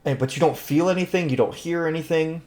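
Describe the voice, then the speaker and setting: A man narrating a tabletop game as game master, lively and quick to laugh. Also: on the high side.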